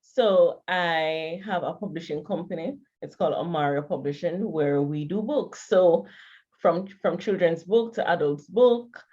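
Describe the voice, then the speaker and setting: Guest, female, Jamaican accent, lowish voice, plain friendly delivery, muffled remote audio. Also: unhurried, a little mellow. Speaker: guest, publisher. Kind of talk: casual interview chat.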